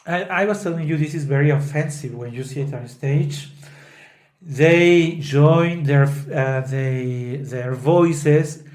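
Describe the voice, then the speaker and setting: A man's voice: on the high side, slow, darkish tone. A man hosting a podcast, retelling an opera scene by scene and breaking into sung snatches of the parts. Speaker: podcast host. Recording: roomy echo.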